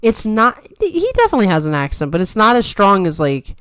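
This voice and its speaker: A woman's voice: medium pitch, huge pitch swings, a little fast, fairly bright tone, clean tone, dry recording, studio quality. A woman co-hosting a podcast, chatting casually and telling stories with a giggle. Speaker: podcast co-host. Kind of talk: casual chat.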